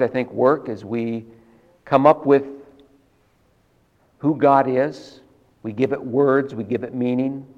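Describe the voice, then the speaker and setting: A man preaching a sermon in an earnest, measured teaching manner, stressing key words with repetition. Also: medium pitch, dull audio.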